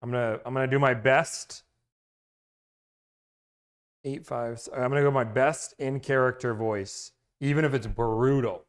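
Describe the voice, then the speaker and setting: A man who runs a car-buying negotiation service hosts a casual livestream, chatting with viewers about car deals while rambling and cutting himself off. His medium-pitched voice has fairly even intonation, a slightly slow pace, and long pauses.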